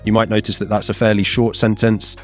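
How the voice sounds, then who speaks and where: A man in his thirties with a lowish voice leads a casual exam revision lesson. He sounds chatty and animated and keeps putting on playful voices to act out the quotes. Faint music plays softly underneath. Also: a little fast. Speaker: teacher.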